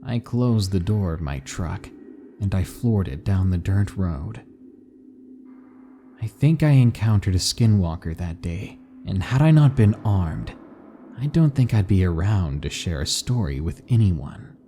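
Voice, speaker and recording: A man narrating scary stories in a measured, dramatic reading style. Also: low-pitched, expressive, mellow, a little hiss or hum. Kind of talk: scripted horror narration.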